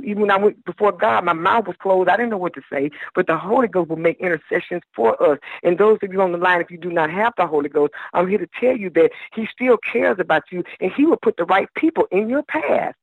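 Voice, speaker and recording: A man's voice: high voice, fast talker, few pauses, husky, no echo. Fervent man preaching over a phone line. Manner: fervent preaching cadence, calls listeners "baby". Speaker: minister calling in as a guest. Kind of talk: preaching on a radio call-in show. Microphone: telephone.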